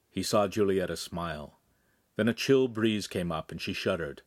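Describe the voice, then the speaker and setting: Low-voiced man reading a novel aloud. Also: normal speed, dry recording, clean studio sound. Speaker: audiobook reader. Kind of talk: scripted narration.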